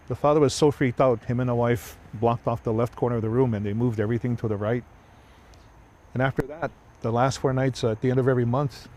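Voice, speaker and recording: A man's voice: mid-range voice, mellow, a little hiss or hum. A man telling a ghost story in an easy, conversational way.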